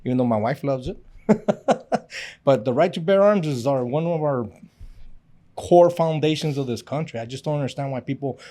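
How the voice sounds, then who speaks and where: A man's voice: mid-range voice, fairly quick, dark tone. A middle-aged man co-hosting a podcast, talking in a blunt, emphatic casual way and laughing often. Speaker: podcast co-host. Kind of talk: casual chat.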